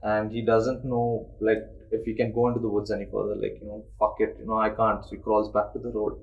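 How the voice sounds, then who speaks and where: Young dude telling a spooky story on a podcast, low voice, swears a lot. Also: male voice, fairly quick, gravelly, narrow, tinny audio. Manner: relaxed storyteller, swears freely. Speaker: podcast host. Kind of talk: casual ghost story telling.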